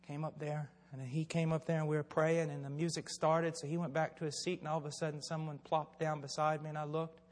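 An older male preacher delivers a sermon in a fervent, impassioned storytelling manner. His voice sits high for a man, and it rings out through a large church hall with a long, lingering reverb. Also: flat delivery, brisk, few pauses.

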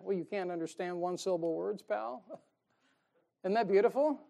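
A man with a high voice and some vocal fry preaches a little slowly. His style is folksy and emphatic, with chuckles at his own jokes and shifts from loud emphasis to soft asides.

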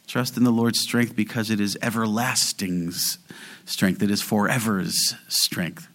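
A man's voice: lowish voice, fairly bright tone. Earnest male preacher, swelling emphasis. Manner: earnest preaching, slows and swells on key phrases. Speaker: pastor. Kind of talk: sermon.

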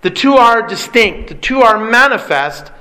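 A man's voice: high-pitched, lively intonation, a little slow, sharp tone, rough recording. A man preaching a sermon with an emphatic, repetitive cadence. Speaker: pastor.

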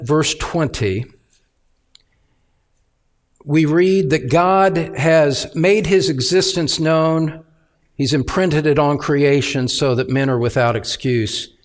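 A man preaching an expository sermon as pastor, speaking deliberately and with emphatic repetition. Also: a little high.

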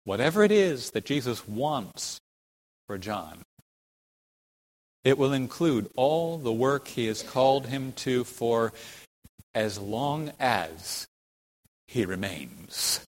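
Rhetorical questions and sharp, sudden stresses on key words mark this man's slow, deliberate expository preaching. His voice is medium-pitched and expressive, heard in a large hall on poor audio.

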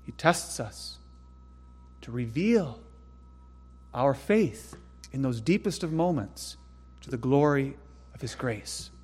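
A man preaching a sermon in an earnest way, dropping to hushed tones and rising to sudden loud emphasis. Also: medium pitch, animated, slow, slightly rough, big-room sound. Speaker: pastor.

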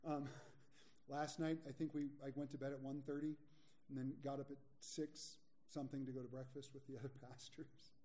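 A man preaching a sermon as pastor, candid and joking, and slowing down to stress his key points. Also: mid-range voice, flat delivery, mellow. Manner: candid, joking, slows for emphasis. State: a little sleepy.

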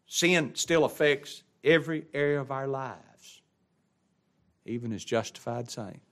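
A male pastor delivering a sermon, swinging between loud, ringing exclamations and quiet, hushed asides. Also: mid-range voice, measured pace. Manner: preaching with sweeping swings from loud exclamation to hushed near-whisper.

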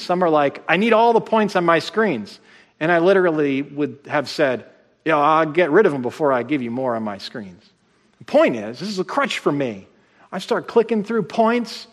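A man preaching a plain-spoken, emphatic sermon to his congregation, slowing down to stress his points. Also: high voice, a bit bright. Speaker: pastor. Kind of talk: conversational sermon. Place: church sanctuary. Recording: long reverb of a large hall.

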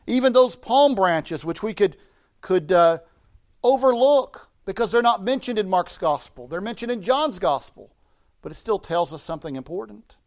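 A middle-aged pastor with a fairly high voice preaches from the pulpit. He builds to emphatic, ringing declarations, then lets his phrases sink low and quiet. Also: lively intonation, moderate pace. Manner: rising to emphatic preaching, dropping low and soft at phrase ends. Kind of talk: sermon.

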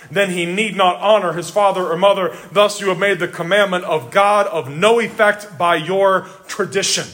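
A man's voice: high-pitched, moderate pace, few pauses, fairly bright tone. A man preaching a sermon, emphatic, repeating words for stress and addressing his listeners directly. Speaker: pastor.

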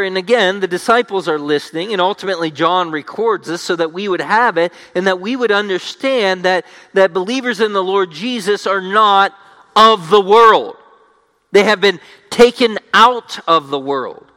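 A man's voice: high voice, moderate pace, sharp tone. A man preaching an expository sermon as pastor, emphatic, restating each point in repeated phrases. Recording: long reverb of a large hall.

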